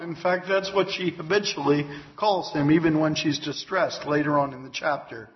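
Brief: earnest male preacher, fairly high voice, teaching Scripture with emphasis; lo-fi, muffled tape. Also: normal speed, few pauses. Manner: earnest and emphatic, with exclamations of praise. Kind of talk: expository Bible teaching. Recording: dull lo-fi recording.

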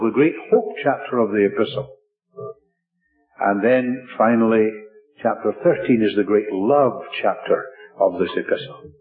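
A man preaching a sermon in a measured, emphatic way, stressing his points through repetition. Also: medium pitch. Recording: tinny lo-fi radio broadcast with faint music.

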